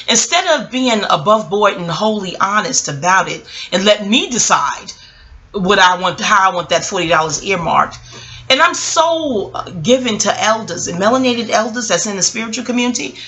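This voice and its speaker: An astrologer and vlogger from New York, speaking with a New York accent, rambles casually to her viewers and calls them y'all, wandering off on chatty tangents. Her medium-pitched voice is animated, pushed and bright, at a normal speed.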